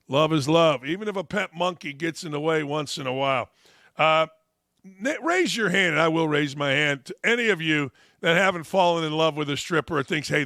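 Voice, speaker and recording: A middle-aged male sports talk host riffs with mocking sarcasm, breaking into loud shouted bursts. His voice sits high and bright. The studio sound is close and dry. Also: no echo.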